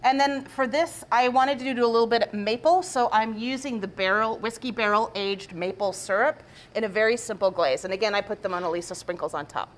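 Female pastry chef, upbeat demo voice, slightly high. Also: fairly quick. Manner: upbeat, explaining. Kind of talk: cooking demonstration.

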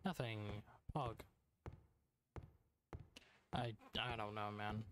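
A man's voice: fairly low pitch, steady tone, very slow, fairly bright tone. A young man commenting on his own gameplay as he plays, frustrated and swearing a lot. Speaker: gamer streamer. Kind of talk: let's play commentary. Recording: noisy home recording.

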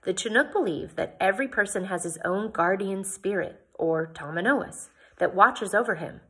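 Woman as a formal old-fashioned gentleman. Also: medium pitch, normal speed, husky. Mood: explaining. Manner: formal, explanatory. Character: genteel, explanatory pioneer gentleman.

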